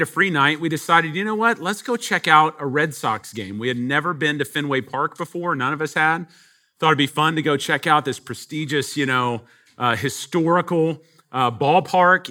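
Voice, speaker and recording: Pastor from texas, sermon story, bright forceful voice, slightly high, lots of uhs. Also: male voice. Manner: chatty, many fillers.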